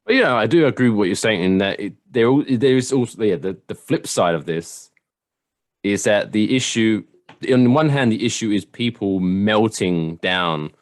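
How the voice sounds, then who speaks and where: A man's voice: sits low, dry recording. A man co-hosting a podcast in casual chat, ranting with exasperated sarcasm. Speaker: podcast co-host.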